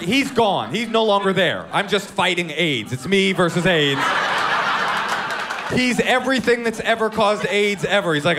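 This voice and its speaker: A man from Oakland telling a story in stand-up, animated and self-mocking, acting out his own panicked lines. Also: sits high, noisy background. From Oakland, California. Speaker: stand-up comedian. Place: live comedy venue with an audience.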